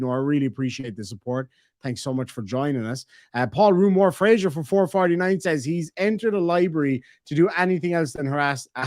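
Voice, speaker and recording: A man's voice: on the high side, no echo, studio quality. An Irish man hosting a live stream, reacting to clips with sarcastic disbelief and reading out viewer messages. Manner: incredulous, sarcastic, reads viewer messages aloud. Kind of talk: casual live-stream commentary.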